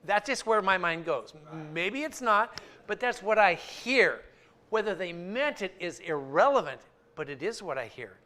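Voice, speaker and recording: A man's voice: high voice, lively intonation, unhurried, pushed and bright. A man giving an informal church talk, conversational, often repeating words and restarting his sentences. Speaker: church speaker. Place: church sanctuary.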